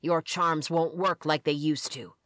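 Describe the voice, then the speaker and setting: A man's voice: fairly high pitch, fairly even intonation, measured pace, a bit bright, dry recording, studio quality. A woman voicing a brooding, guarded young man who speaks in terse, clipped lines. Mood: cold.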